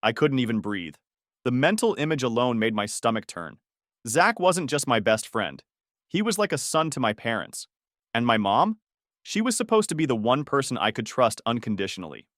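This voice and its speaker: Expressive male storyteller with a lively voice. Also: mid-range voice, moderate pace, no room sound, clean studio sound. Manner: emotional, with angry outbursts in quoted lines. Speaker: narrator. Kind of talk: first-person story narration.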